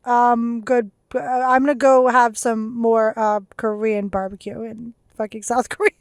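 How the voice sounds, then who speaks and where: A woman's voice: a little high, level tone, measured pace, smooth, no room sound. A young woman co-hosting a podcast in casual chat, chatty and laughing often, with lots of "like" fillers. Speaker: podcast co-host.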